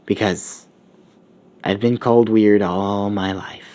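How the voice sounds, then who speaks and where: A man's voice: lowish voice, steady tone, slow, warm tone, pitched below the performer's own voice. A man voicing a smug, boastful teenage boy genius in a spoken story. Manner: cocky, boastful.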